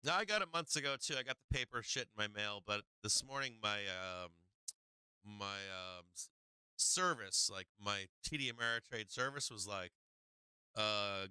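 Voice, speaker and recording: A man's voice: fairly low pitch, moderate pace, smooth, no echo. A middle-aged man hosting a live stock market stream, chatting casually with viewers and swearing freely. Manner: excitable, swears freely, talks to chat. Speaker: stock market livestream host. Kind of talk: casual live trading commentary.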